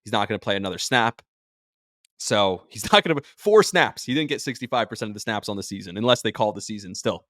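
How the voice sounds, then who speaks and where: A man's voice: fairly low pitch, expressive, fast, a bit bright, dry recording. Drained, emotional man in a dry room. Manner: emotional, rambling, jumps between thoughts. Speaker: podcast host and sports radio personality. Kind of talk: emotional sports podcast monologue.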